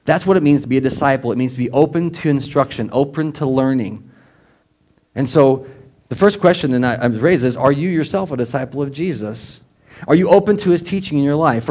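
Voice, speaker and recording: Speaking at a medium pitch, a man preaches in a relaxed, conversational style. He's animated as a pastor and keeps asking the congregation questions.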